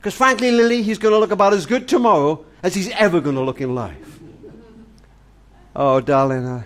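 A family charity speaker, an older man, delivers an earnest and tender monologue to a granddaughter, full of heart and grandfatherly warmth. His voice sits high and sounds expressive, at a normal speed.

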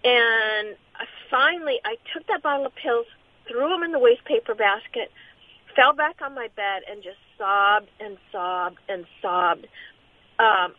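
A middle-aged woman shares her life story in an interview, halting and earnest, often restarting her sentences. Her voice sits fairly high. The sound is thin and tinny, like a phone line, and very dry. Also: no room sound. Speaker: interview guest. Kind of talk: personal testimony in an interview.

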